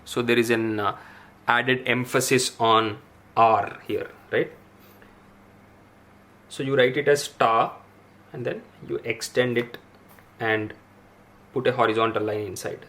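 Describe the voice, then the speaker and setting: A male language teacher who talks slowly and deliberately at a middle pitch. He says each syllable more than once and fills the gaps with soft "uh" pauses as he explains. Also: fairly even intonation. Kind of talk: explaining a writing lesson.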